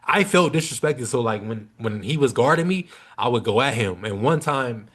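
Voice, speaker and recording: A young man on a podcast, telling a story in casual, animated chat. He talks in loose slang and swears freely. His voice sits at an ordinary middle pitch for a man. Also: moderate pace, slightly rough. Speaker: podcast guest.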